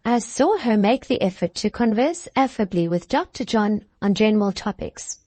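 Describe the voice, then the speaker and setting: Woman reading an old novel aloud, steady mid-range voice, dry close sound. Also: mid-range voice, normal speed, no echo. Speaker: audiobook narrator. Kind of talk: scripted narration of a classic novel.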